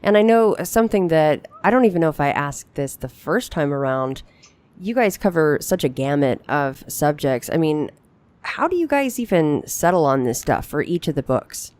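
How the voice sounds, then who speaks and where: A woman interviewing guests in a casual chat, her voice husky as she gets over a cold. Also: deep voice, lively intonation, moderate pace, darkish tone. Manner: chatty, sympathetic. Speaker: radio interviewer.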